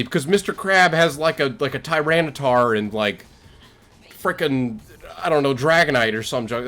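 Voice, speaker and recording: Rambling young man telling silly stories. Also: a little high. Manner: rambling, filler-heavy, animated. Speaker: streamer. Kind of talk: improvised storytelling to chat. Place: home streaming setup.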